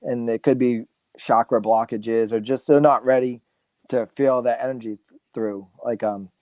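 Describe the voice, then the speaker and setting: A man in his forties, a guest speaker, telling stories in a relaxed, rambling way full of fillers and restarts. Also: medium pitch, normal speed, dry recording. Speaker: guest speaker, massage therapist. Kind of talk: casual storytelling interview.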